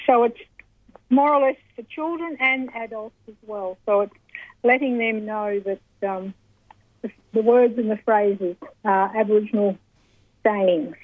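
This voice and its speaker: A woman's voice: medium pitch, a little slow. A woman, an elder and linguist, joining a radio interview by phone and speaking in a hesitant, plain way. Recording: tinny phone line.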